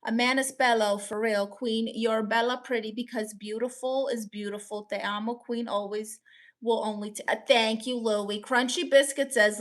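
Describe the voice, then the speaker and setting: A woman's voice: a little high, steady tone, normal speed. A woman live-streaming, reading viewers' comments aloud and bantering with them in a playful, teasing way.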